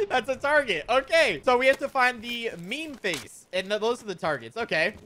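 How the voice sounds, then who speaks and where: A man giving casual gameplay commentary, excitable, often swearing and laughing at surprises. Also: very high-pitched, normal speed, a little hiss or hum. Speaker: gaming YouTuber.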